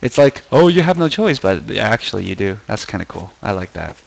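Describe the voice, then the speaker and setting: A man's voice: lowish voice, very animated, fairly quick, vocal fry, dull audio. A young man casually commenting while playing a game, playful and giddy, often singing and muttering to himself. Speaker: gaming video host.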